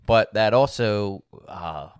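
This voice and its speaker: A man's voice: lowish voice, slow, clear, resonant tone, dry recording, studio quality. A man co-hosting a podcast, talking thoughtfully and a bit hesitantly about his needs in his marriage. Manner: thoughtful, hesitant, many fillers. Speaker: podcast co-host. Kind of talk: candid conversational podcast talk.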